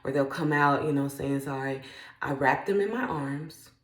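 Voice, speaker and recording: A rumbling low voice at normal speed carries this woman's heartfelt, faith-based musings, recorded with noticeable reverb. An adult parent and self-help vlogger, she talks in an earnest, conversational way and keeps tailing off with "like."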